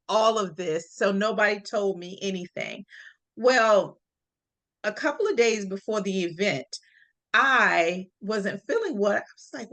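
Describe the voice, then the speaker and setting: A middle-aged woman hosting a chat, telling a personal story in a lively way and acting out the voices she quotes. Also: medium pitch. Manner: animated, acts out quoted voices, laughs often. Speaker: podcast host sharing a personal story.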